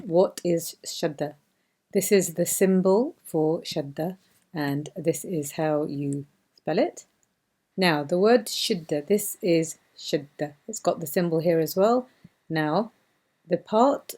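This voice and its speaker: Woman teacher, low-ish mellow voice, patient and slow with repetitions, beginner lesson. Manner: patient, repeats words slowly for learners. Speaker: Quran reading teacher.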